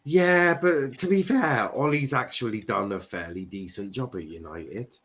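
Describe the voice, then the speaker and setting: A man's voice: mid-range voice, measured pace, a bit bright. A man from Ireland hosting a casual football chat, reading out viewer comments, laughing often and restarting sentences. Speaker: podcast host reading chat. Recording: dull lo-fi sound.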